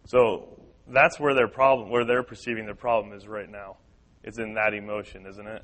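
A man of medium pitch teaches a church class. He talks in an earnest, repetitive way, voicing the worries of the people he quotes to drive each point home. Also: moderate pace, a bit bright, rough recording. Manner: earnest, repeats key points, acts out quoted voices.

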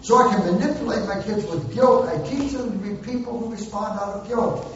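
A man's voice: high voice, a little fast, a little hiss or hum. A man preaching a sermon on parenting, acting out parent and child lines for humor. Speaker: pastor. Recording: very echoey hall, distant mic, dull sound.

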